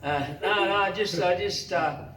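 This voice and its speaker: A man filling in as emcee, halting and self-deprecating in casual stage banter. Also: high voice, bright, forceful tone. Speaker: stand-in emcee. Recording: echoey room, mic far off, crowd noise.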